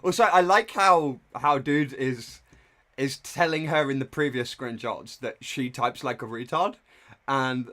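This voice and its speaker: A man's voice: medium pitch, a little slow, bright, forceful tone. Blunt man in live reaction commentary. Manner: loose, irreverent and blunt. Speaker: streamer.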